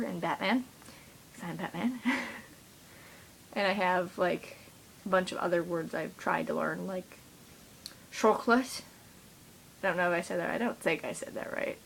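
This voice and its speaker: A woman's voice: mid-range voice, rough recording. A teenage girl rambling in a casual vlog monologue, chatty and giggly, often mimicking friends in quoted voices. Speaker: vlogger.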